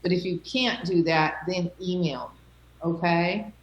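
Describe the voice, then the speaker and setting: A woman's voice: fairly low pitch, a little slow, roomy sound, dull audio. A woman teacher talking to her class, reassuring and checking in with "okay?" and "right?" as she goes. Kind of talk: classroom talk.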